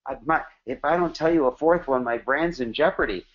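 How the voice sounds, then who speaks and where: A man's voice: medium pitch, fairly quick, dull audio. A man in his forties giving a motivational business workshop, emphatic and full of rhetorical questions and punchy repetition. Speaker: business presenter.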